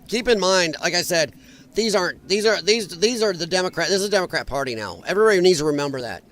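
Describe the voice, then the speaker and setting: A man's voice: high voice, expressive, fast talker, fairly bright tone. A man hosting a live stream, commenting on protest footage in a blunt, mocking and profane way, rambling with frequent restarts. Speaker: livestream commentator.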